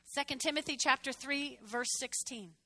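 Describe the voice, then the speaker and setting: A woman pastor in her sixties preaching a chatty, animated sermon with asides to the congregation. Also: high voice, normal speed.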